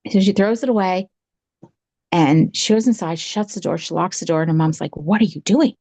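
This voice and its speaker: A woman's voice: on the low side, a little fast, mellow, dry recording. A woman podcast host telling a spooky story in a chatty, casual way, with lots of repeated phrases.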